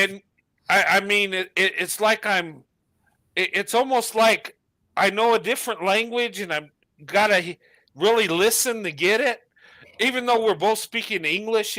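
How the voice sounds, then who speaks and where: A man's voice: sits high, measured pace, bright, forceful tone, no room sound. A man from New Mexico in casual chat, often stalling and repeating words as he searches for them. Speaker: chat participant.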